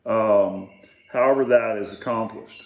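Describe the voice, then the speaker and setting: An older man casually telling family stories, in a rambling, halting way with many fillers and restarts. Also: fairly low pitch. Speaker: storyteller. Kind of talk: casual storytelling. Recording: echoey room.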